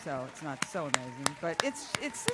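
A woman's voice: low voice, big pitch swings, normal speed, heavy background noise. A middle-aged woman hosting a studio talk show, chatty and rambling, often repeating herself. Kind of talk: casual chat show hosting. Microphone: studio mic with headphones.

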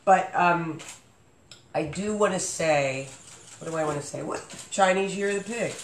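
A man's voice: fairly high pitch, normal speed. A man hosting a casual podcast chat, rambling with lots of fillers and restarts. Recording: echoey room with faint noise.

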